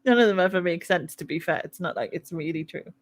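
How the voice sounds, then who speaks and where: Speaking quickly in a lowish voice, a Sunderland woman with a Mackem accent from North East England hosts a laid-back live stream chat. She laughs a lot and reads viewers' comments aloud.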